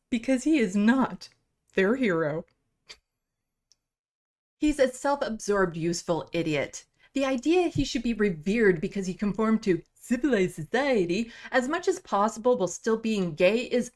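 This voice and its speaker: Sarcastic woman news commentator, lively pitch. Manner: sarcastic, cutting put-downs. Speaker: host.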